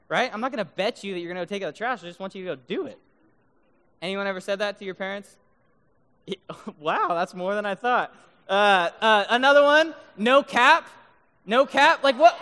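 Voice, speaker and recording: Guy with a high voice preaching to a crowd, animated, jokey, keeps going "right?", big echoey hall. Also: normal speed. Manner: mock-incredulous joking. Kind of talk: lively sermon to a live congregation. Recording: long reverb of a big hall.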